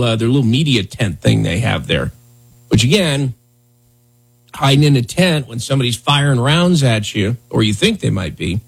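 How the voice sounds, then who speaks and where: Husky sarcastic morning radio host. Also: male voice, mid-range voice. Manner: loose, sarcastic, rambling with fillers. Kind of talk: casual talk radio commentary.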